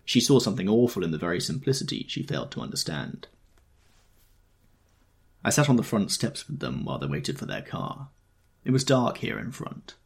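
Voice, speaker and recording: Deep gravelly male audiobook narrator. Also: sing-song, moderate pace, long pauses. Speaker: audiobook reader. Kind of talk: first-person novel narration.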